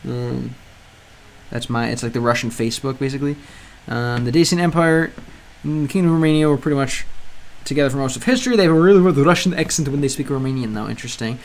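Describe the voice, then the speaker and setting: A man's voice: mid-range voice, fast talker. A man livestreaming a game, translating lines aloud and chatting with viewers in a rambling, hesitant way. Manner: rambling and hesitant, many ums and restarts; translates aloud and answers chat. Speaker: livestreamer learning Spanish through a game. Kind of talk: casual live-stream chat.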